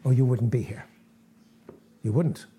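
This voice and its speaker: Earnest man in his sixties, mellow voice. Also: mid-range voice, unhurried. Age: 60s. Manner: earnest, conversational, laughing at himself. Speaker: preacher. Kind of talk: informal sermon to a fellowship.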